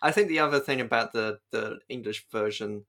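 A man's voice: mid-range voice, brisk, a crowd in the background. A man co-hosting a podcast in casual chat, hesitant, with many restarts. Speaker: podcast co-host.

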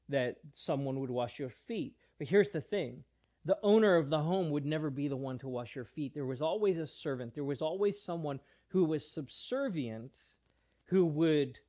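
A man's voice: on the high side, darkish tone. A male pastor preaching a sermon in an earnest, explanatory way, often restarting his phrases.

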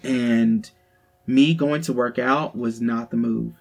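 A man's voice: mid-range voice, steady tone, slow, vocal fry. A young man with a Southern accent telling a personal story to his co-host in a frank, profane, casual way, full of "like". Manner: frank, profane, heavy use of "like". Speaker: podcast co-host.

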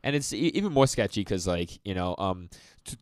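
His lowish voice has a sing-song lilt and a clear, resonant tone, moving fairly quickly with no echo. He's co-hosting a podcast, casually rambling through an anime episode recap with plenty of fillers while voicing the characters' lines.

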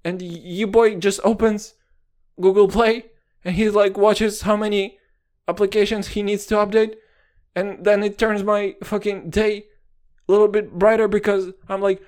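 A man's voice: high-pitched, flat delivery, normal speed, darkish tone, smooth. A young man rambling through a casual solo podcast, jokey and full of swearing. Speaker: podcast host.

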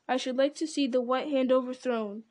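A woman's voice: sits high, fairly even intonation, normal speed, darkish tone, close to an everyday voice. A woman voicing an eager, curious young male hobbit in a storybook reading, asking earnest questions.

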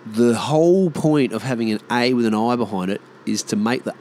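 A man's voice: mid-range voice, normal speed, few pauses, a little mellow, a little hiss or hum. A man with an Australian accent, rambling in a casual monologue and ranting bluntly with plenty of swearing.

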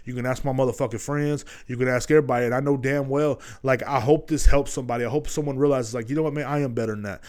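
A young man with a mid-pitched voice delivers a rough, rambling pep talk on his podcast. He swears in almost every sentence and keeps circling back to the same filler phrases. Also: fairly even intonation, fast talker, few pauses, a little mellow. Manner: heavy swearing, repeats "you know what I'm saying". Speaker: podcast host. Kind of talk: profane motivational monologue.

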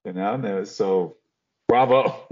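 A husky older man recalls moments from his acting career, slipping into the voices of people he quotes. He comes through a muffled, lo-fi remote line. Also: medium pitch, normal speed. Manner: animated storyteller, acts out quotes. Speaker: guest actor. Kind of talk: casual storytelling interview.

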